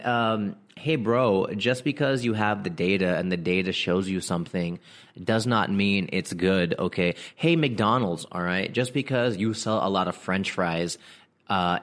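Low-voiced man riffing comedically. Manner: animated, slangy, laughs mid-sentence, acts out quoted voices. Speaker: comedian podcast host. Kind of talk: casual comedic riffing monologue.

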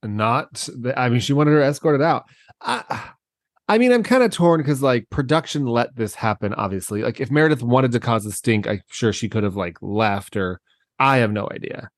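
A man's voice: medium pitch, expressive, normal speed, no echo, clean studio sound. A man podcast co-host in casual gossip chat, recapping a story and laughing often.

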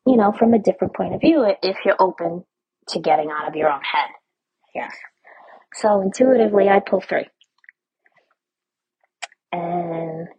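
A woman with a very breathy, husky voice talks through a loose, personal podcast monologue, cursing freely and laughing often. Her delivery is frank and chatty, and she keeps tagging lines with "right?". The sound is close and dry, with no room around her. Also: medium pitch, a little mellow, no room sound, poor audio. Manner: candid and profane, often laughing, asks "right?". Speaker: podcast host. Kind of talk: casual spiritual monologue.

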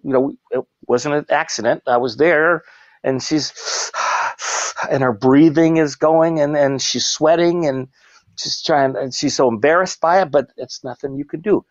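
A man who works as a clown, telling stories in a casual interview, animated and quick to laugh, jumping into high shouted voices when quoting people. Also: dry recording, muffled recording. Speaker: professional clown, guest.

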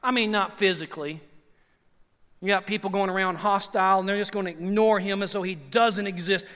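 Male pastor, high bright voice, animated sermon delivery, reverberant sanctuary sound. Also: moderate pace, long pauses. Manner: animated, swings from loud to hushed, repeats phrases. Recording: long hall reverb.

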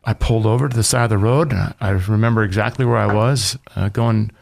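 A man's voice: on the low side, fast talker, gravelly, a little mellow. A middle-aged man telling his personal testimony as an interview guest, in a plain, conversational storytelling way.

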